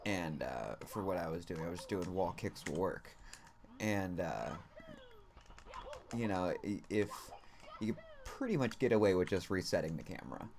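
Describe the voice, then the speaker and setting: A man's voice: sits low, animated, moderate pace. A man streaming a game and telling a story in a loose, casual way, rambling and packing his talk with "like" and "you know", with some casual swearing.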